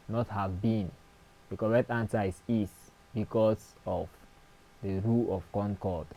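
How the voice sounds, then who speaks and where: A man who goes through exam questions one by one as a patient teacher. He speaks at a medium pitch, reads every question twice and leans on the key words. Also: a little mellow, poor audio. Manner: deliberate, repeats each question and stresses key words. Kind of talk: reading and explaining exam questions.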